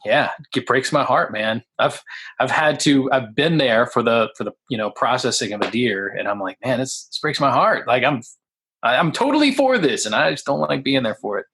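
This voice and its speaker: A man's voice: mid-range voice, animated, moderate pace, fairly bright tone, slightly rough, poor audio. A man co-hosting a podcast in easygoing casual chat, often laughing along. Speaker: podcast co-host.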